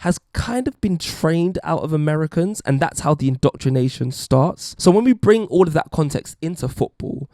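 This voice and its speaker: A man's voice: on the high side, dark tone, no room sound, studio quality. A man hosting a podcast, giving an emphatic, wry opinion monologue. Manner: wry, emphatic, puts on mock voices. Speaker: podcast host.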